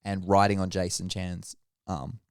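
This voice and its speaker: A man co-hosting a podcast, telling crude, animated stories and acting out the people in them. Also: low-pitched, measured pace, clean tone, dry recording, studio quality. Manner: animated, crude jokes, acts out voices. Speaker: podcast co-host. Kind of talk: casual chat, comic storytelling.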